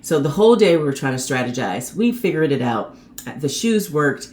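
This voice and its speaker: A woman hosting her own show, telling a personal story in a chatty, animated way and acting out the people in it. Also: normal speed. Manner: animated, acts out quoted people with sharp pitch jumps; chatty and conversational. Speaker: host.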